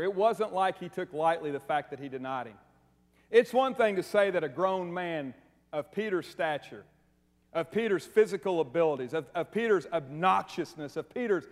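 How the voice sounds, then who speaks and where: A man whose voice sits high for a man preaches a lively, conversational sermon in a church sanctuary, repeating his questions to the congregation and slipping in jokes. The hall adds a long, trailing reverb to his energetic, humorous delivery.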